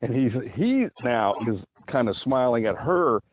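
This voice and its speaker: A man's voice: medium pitch, big pitch swings, unhurried, dry recording. A man reading and explaining his own dating-advice book, rambling in a chatty way with many asides. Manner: chatty, digressive, lots of asides. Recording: tinny phone-like sound, faint hiss.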